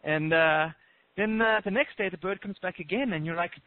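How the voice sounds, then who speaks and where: A man's voice: high-pitched, normal speed, no echo. Man, relationship coach, casual advice, storytelling, phone-line sound, dry. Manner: storytelling, acts out small voices in anecdotes.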